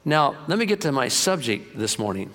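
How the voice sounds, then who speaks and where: A man's voice: mid-range voice, very animated, normal speed, fairly bright tone. A male pastor giving a sermon in an emphatic, conversational way, often repeating himself, with long hall reverb.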